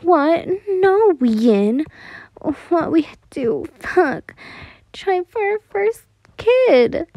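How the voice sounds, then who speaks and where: A woman's voice: extremely high pitch, sing-song, extremely slow, warm tone, dry recording, pitched above the performer's own voice, full character voice. A woman voicing Zenitsu, an obsessive, possessive young man who swings between unhinged laughter and clingy whispering, in a fan fiction reading. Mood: manic.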